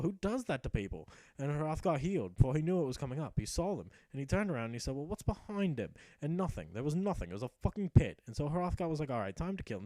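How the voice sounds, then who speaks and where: Young male gamer spinning a profane mock-epic tale over his play; mellow voice, swooping lively delivery. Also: medium pitch, quick pace, few pauses, dry recording, poor audio. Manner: profane, sarcastic storyteller voicing his character. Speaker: gameplay commentator. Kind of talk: mock-epic narration of gameplay.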